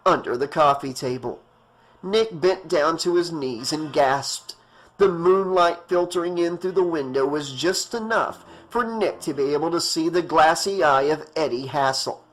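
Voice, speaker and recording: A man's voice: a little high, fairly bright tone, rough recording. A man reading a horror novel aloud as an audiobook narrator, in a tense, dramatic way.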